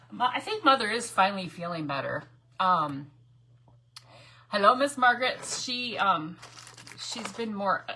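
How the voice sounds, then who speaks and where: A woman hosting a casual crafting livestream from her home craft room, rambling and greeting viewers by name, with hushed asides. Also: mid-range voice, slight background noise. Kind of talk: casual live crafting chat.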